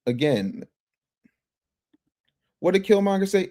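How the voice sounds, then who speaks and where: A man hosting a casual livestream, reading viewer chats and commenting in an animated, emphatic way that repeats phrases and restarts often. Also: mid-range voice, moderate pace. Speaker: livestream news commentary host.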